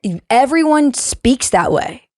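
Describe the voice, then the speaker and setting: A woman's voice: high voice, big pitch swings, a little slow, darkish tone, no echo, clean studio sound. A young woman with a Canadian accent, a comedian guest on a podcast, talking in a chatty, rambling way. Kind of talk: casual interview chat.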